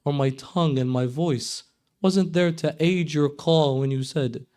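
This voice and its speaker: A man's voice: fairly high pitch, a little slow, darkish tone. Impassioned male preacher reciting Arabic. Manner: impassioned, mixing Arabic recitation with English explanation. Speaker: speaker at a mourning gathering. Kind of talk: sermon. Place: Islamic center hall, live gathering.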